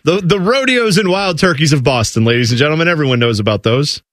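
A man's voice: fairly high pitch, expressive, fast talker, fairly bright tone, no echo. A man co-hosting a radio show in casual, wry and laid-back banter. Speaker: radio co-host.

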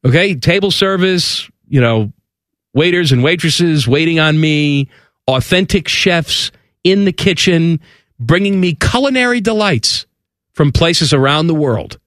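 A man's voice: fairly high pitch, expressive, a little slow, fairly bright tone, dry recording, studio quality. A man co-hosting a sports radio show, reading aloud and joking in casual banter with a sarcastic edge. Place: radio studio.

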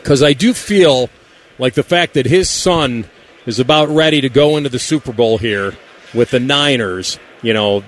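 A man's voice: mid-range voice, moderate pace. A man co-hosting a sports radio show from a broadcast booth, telling stories in a laid-back way. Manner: laid-back, storytelling, trails off and restarts. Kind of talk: casual radio banter. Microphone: studio mic.

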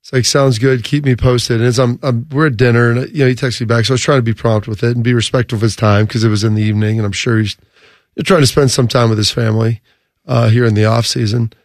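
Animated man telling a story on radio. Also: medium pitch, fast talker, dry recording, clean studio sound. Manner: animated storyteller, acts out quotes. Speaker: radio co-host. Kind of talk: casual sports radio chat. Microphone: studio microphone.

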